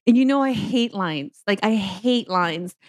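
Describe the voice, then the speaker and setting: A woman's voice: medium pitch, expressive, a little slow, dry recording. A woman co-hosting a podcast in casual chat, telling a story and acting out quotes with lots of "like"s. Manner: chatty storyteller, many "like"s, acts out quotes. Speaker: podcast co-host.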